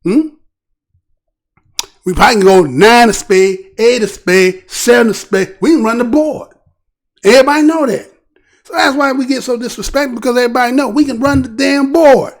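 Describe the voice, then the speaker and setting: A man hosts his own livestream, his voice pitched high with a rough, gravelly edge. He talks emphatically and animatedly, then drops into low muttering. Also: moderate pace. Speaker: show host. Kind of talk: casual livestream commentary.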